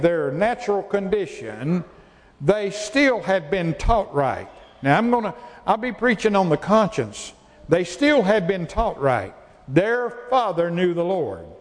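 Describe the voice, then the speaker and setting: Preacher guy, folksy, keeps repeating himself, big echoey church sound. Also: sits high. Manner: folksy, repeats phrases for emphasis. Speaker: pastor. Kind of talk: sermon.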